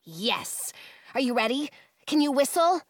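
A woman's voice: high-pitched, sing-song, a little slow, no room sound, studio quality, exaggerated voice. A teasing mischievous boy, as a woman puts him on. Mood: calm. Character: mischievous playful boy who teases.

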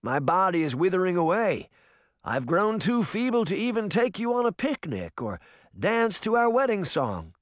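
Man voicing aging man turning young, earnest, high-pitched, tender. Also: very animated, normal speed, dry recording, studio quality.

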